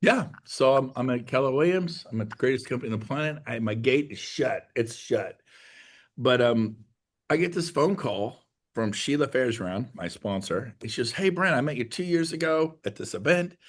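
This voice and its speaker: A man's voice: medium pitch, lively intonation, moderate pace. A middle-aged man, a real estate guest speaker, telling stories energetically and acting out quoted voices. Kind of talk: animated storytelling talk.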